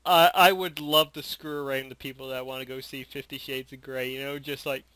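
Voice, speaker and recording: A man's voice: mid-range voice, flat delivery, a little fast, sharp tone, no room sound. A man co-hosting a podcast in easygoing casual chat, full of fillers. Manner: easygoing, asks questions, lots of likes and fillers. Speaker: podcast co-host. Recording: dry close sound.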